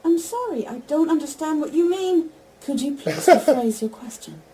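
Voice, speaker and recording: Mellow synthetic female assistant voice. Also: high-pitched, normal speed, a little hiss or hum, rough recording. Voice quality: even, stilted text-to-speech delivery. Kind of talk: synthetic conversational replies.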